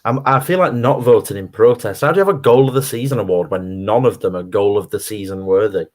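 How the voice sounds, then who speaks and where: Excitable man reacting to football live. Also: fairly low pitch, quick pace. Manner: excitable, reacting loudly to play. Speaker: co-host of fan watchalong. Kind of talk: live match commentary chat.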